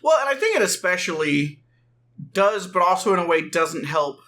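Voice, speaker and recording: A man in a casual let's play chat, with a bright, pointed tone and a voice set a bit high. He rambles and corrects himself mid-thought and slips in dry jokes. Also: very animated, moderate pace.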